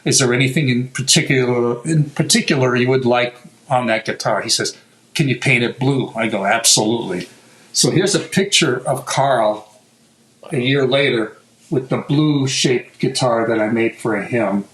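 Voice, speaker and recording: Man telling stories with animated laughter. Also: medium pitch, moderate pace, low-quality recording. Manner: animated anecdotal telling, acts out quoted voices, laughs often. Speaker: guitar maker, guest. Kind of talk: storytelling interview.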